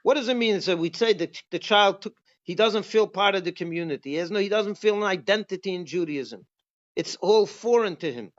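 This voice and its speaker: A man with a high voice gives a religious class as a rabbi. He teaches emphatically and keeps asking his listeners rhetorical questions. The recording sounds dull and lo-fi. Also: a little fast, a bit bright. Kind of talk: Passover class.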